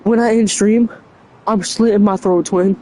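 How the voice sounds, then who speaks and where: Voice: medium pitch, steady tone, unhurried, mellow, slight background noise. A young adult streamer chatting casually on a livestream, stumbling over words, laughing often and mocking themself. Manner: laughs often between lines.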